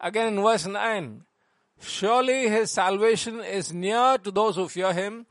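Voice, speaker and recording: Man, high voice, pastor preaching, measured and deliberate, dry close sound. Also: a bit bright, no room sound. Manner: measured, slows and lifts voice on scripture quotes. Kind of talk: sermon with prayer and scripture reading.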